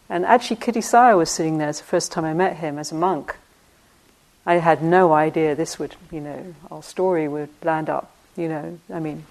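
An older woman giving a reflective teaching talk, telling stories with soft asides and frequent laughter. Her voice sits a little low for a woman. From United Kingdom. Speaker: meditation teacher.

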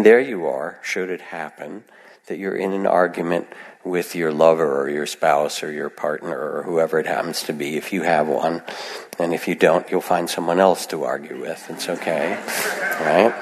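A man giving a gentle, reflective meditation talk to a live audience, chatting with many asides. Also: deep voice. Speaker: meditation teacher. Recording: long hall reverb.

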